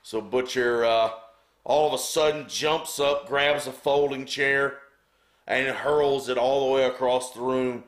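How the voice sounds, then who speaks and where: A man, a former wrestler, telling a backstage story with animated delivery and acted-out sound effects. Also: mid-range voice, unhurried. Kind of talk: anecdotal storytelling. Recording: roomy echo.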